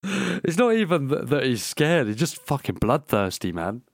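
A man co-hosting a casual gaming podcast, talking in a relaxed, offhand way with casual swearing. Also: medium pitch, moderate pace, gravelly, no room sound, studio quality. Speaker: podcast co-host.

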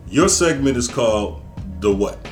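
A man's voice: mid-range voice, animated, a little slow, soft background music. A man from the Chicago area hosting a podcast, rambling and joking at his own expense. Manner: rambling, self-mocking, laughing. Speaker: podcast host. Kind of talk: casual podcast chat.

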